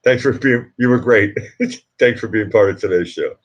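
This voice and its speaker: A man's voice: lowish voice, moderate pace, highs cut off. A middle-aged man hosting a casual live stream, chatting with viewers in a rambling, self-interrupting way and chuckling at his own jokes. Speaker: livestream host.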